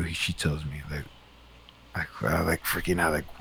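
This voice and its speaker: A man's voice: low-pitched, measured pace, slight background noise. A man casually telling a long story, rambling and swearing a lot as he gets worked up. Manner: rambling, profane, animated retelling.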